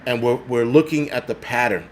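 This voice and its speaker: A man's voice: medium pitch, fairly quick, slight background noise. An older man, hosting his own channel and ranting with heavy profanity and sarcasm. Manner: profane, sarcastic, mocking voices of others. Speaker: prepper channel host. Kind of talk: angry vlog rant. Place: New York City.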